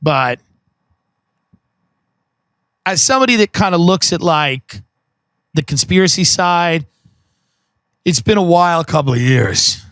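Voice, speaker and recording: A man's voice: a little high, animated, slow, long pauses, a bit bright, dry recording, clean studio sound. A man hosting a podcast, delivering a profane, sarcastic comedic rant that mocks the people he describes. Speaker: podcast host.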